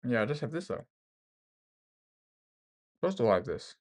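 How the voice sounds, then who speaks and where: Speaking at a normal speed in a mid-range voice with big pitch swings, an Australian man plays online chess on stream. He reasons out loud through casual commentary, playful and quick to make fun of himself.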